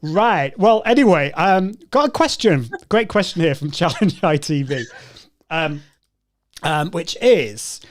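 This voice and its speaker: A man hosting a live stream, friendly and talkative as he picks up viewer comments. His voice sits a little high for a man. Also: expressive, measured pace. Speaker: host. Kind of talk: casual live-stream chat.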